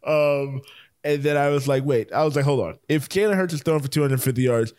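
A man co-hosting a casual sports chat, rambling and excitable, with plenty of fillers and restarts. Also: medium pitch, a little fast, no room sound, studio quality. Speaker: podcast co-host.

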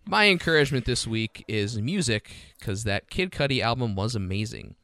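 A man's voice: medium pitch, animated, normal speed, pushed and bright, no echo, clean studio sound. A man hosting a podcast in casual banter, jokingly reading out listener messages and laughing as he goes. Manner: jokey, laughs while reading. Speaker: podcast host.

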